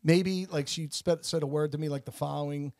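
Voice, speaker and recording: A man's voice: fairly high pitch, fairly even intonation, brisk, gravelly, a little mellow, no room sound, studio quality. A man in his forties, co-hosting a podcast, tells a long story in a rambling way, full of restarts and "like"s. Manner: rambling, self-interrupting, many restarts and "like"s. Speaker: podcast co-host. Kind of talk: casual storytelling chat.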